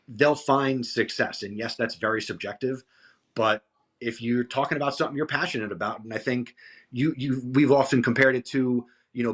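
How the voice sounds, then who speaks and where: A man's voice: medium pitch, a bit bright, husky. Easygoing male podcast co-host. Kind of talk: casual podcast chat.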